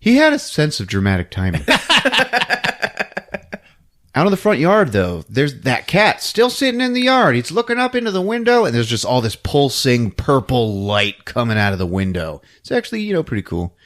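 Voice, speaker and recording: A man hosting a podcast, recapping a movie in a comedic, animated way. He laughs often and acts out the characters' lines. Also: medium pitch, moderate pace. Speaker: podcast host. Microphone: podcast microphone.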